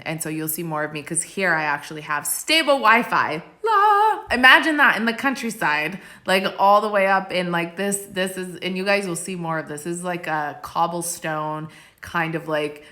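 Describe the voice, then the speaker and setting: Live-stream host, young woman, bubbly, chatty, reads comments, bright lowish voice. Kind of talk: casual live-stream chat answering viewer questions. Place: countryside village home. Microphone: phone.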